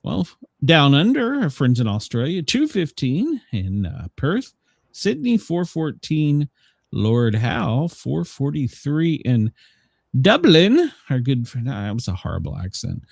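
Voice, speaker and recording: A man's voice: a little high, big pitch swings, a little slow, gravelly, a little mellow, dry recording, clean studio sound. A man co-hosting a casual livestream talk show, joking and rambling in a self-mocking way. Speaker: co-host of a daily news talk show.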